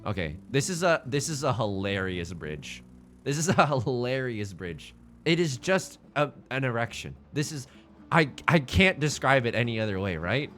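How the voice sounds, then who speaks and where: Male streamer, live gameplay commentary, lively swooping pitch, joking and excitable, faint music behind. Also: normal speed. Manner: excitable, joking, thinking aloud.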